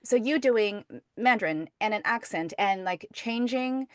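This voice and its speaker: A woman's voice: mid-range voice, expressive, moderate pace, no echo, studio quality. Bubbly chatty woman podcast host. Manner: chatty, bubbly, stumbling restarts and frequent laughs. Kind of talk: casual interview chat.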